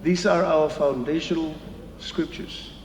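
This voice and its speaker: A man preaching a bilingual sermon at an evening church service, emphatic and slow on key phrases. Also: fairly high pitch, steady tone, vocal fry, darkish tone, slight background noise. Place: large church hall. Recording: echoey hall with long reverb.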